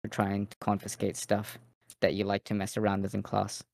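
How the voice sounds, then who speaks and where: A man's voice: on the low side, completely flat delivery, a little fast, vocal fry, a little mellow, no room sound, studio quality. A man co-hosting a casual streamed podcast, laughing often as he tells stories. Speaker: podcast co-host.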